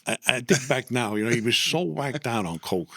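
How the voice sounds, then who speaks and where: A man, an animated storyteller who keeps repeating himself and asking "right?" as he recounts a story in casual chat. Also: medium pitch, normal speed, no echo, clean studio sound. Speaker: former mobster guest.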